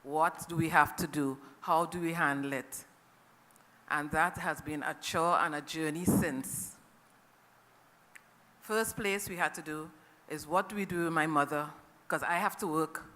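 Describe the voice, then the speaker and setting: Earnest middle-aged Trinidadian speaker, bright voice. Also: medium pitch, unhurried. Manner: earnest and emotional, often checks in with the audience. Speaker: family caregiver speaking at a conference. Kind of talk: personal testimony to an audience. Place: conference hall. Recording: long reverb of a conference hall.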